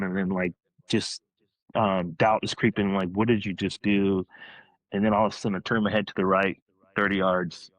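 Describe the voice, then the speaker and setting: A man with a fairly low voice tells a story in casual podcast talk, excited and rambling. He keeps restarting his sentences as the details spill out. The sound is dry and close, with little room echo. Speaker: guest hunter telling his story.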